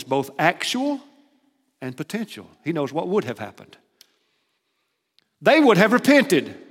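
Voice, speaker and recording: A man delivering a sermon from the pulpit. He swings between ringing emphasis and soft, hushed lines, and his voice trails off into the long reverb of a big hall. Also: medium pitch. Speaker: preacher.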